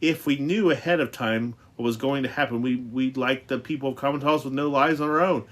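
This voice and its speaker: A man's voice: mid-range voice, brisk, natural voice. A man reading the part of an ancient, otherworldly woman who is stern and wise, speaking in a lecturing way.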